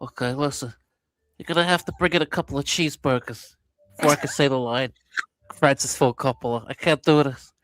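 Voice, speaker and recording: A weary aging film star, acted by a man, mumbles and grumbles in a dry, close sound. His pitch sits in the middle. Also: fairly even intonation, fairly quick, a bit bright, no room sound, close to an everyday voice. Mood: weary, grumbling.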